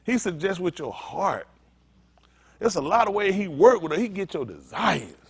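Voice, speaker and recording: A man's voice: high-pitched, very animated, normal speed, creaky, slightly rough. A man preaching a sermon as pastor, talking straight to his congregation in a joking, conversational way. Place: synagogue congregation.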